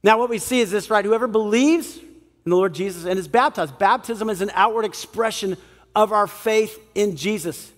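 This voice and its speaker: A man's voice: high voice, normal speed, in a large hall, faint music behind. A man preaching a sermon as pastor, acting out the people in the story as he talks. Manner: animated, acts out the people in the story. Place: church hall.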